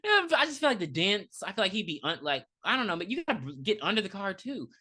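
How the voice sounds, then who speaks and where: A woman's voice: medium pitch, sing-song, fast, bright, forceful tone, slightly rough. A woman co-hosting a podcast, casually retelling a movie with lots of fillers and laughter. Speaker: podcast co-host. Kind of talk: casual movie review chat.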